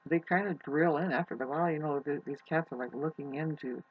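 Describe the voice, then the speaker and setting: A vlogger musing in a soft, quiet way, hesitant and full of restarts. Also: mid-range voice, a little fast, dull audio. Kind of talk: rambling spiritual musing.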